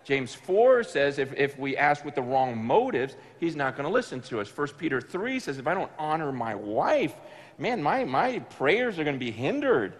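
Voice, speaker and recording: Male preacher with a high voice, telling a story from the pulpit, animated and emphatic. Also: moderate pace, in a large hall. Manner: animated, emphatic, with bursts of loud excitement. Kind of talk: storytelling sermon. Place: large room with an audience.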